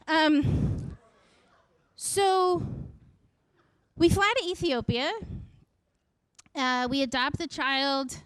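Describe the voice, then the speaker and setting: A middle-aged woman with a high voice tells a comic personal story. She is wry and self-mocking and slips into the voices of the people she quotes. The sound is dry and close. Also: extremely slow, long pauses, fairly bright tone, no echo.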